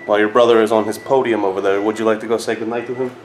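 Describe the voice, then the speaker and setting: A young father filming his toddlers at home on a handheld camera, chatting casually and jumping into a high sing-song voice when he plays with them. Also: level tone, very fast. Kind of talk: casual family vlog. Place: family home, living room. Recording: noisy home camera audio.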